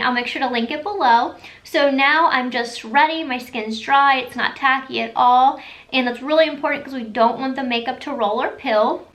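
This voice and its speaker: A woman in her thirties chatting through a casual makeup tutorial, enthusiastic, with quick asides. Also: sits high, a bit bright. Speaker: beauty vlogger.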